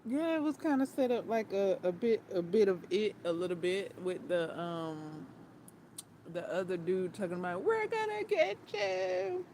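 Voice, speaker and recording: A woman's voice: on the low side, normal speed, warm tone, a little hiss or hum. A woman vlogger chatting casually about a movie, giggling often and repeating her words.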